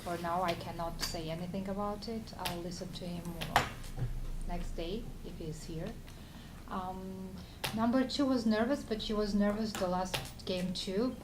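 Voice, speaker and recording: Woman thinking out loud at a game table, lots of ums, boomy room. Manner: tentative, many pauses. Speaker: player. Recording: echoey noisy room.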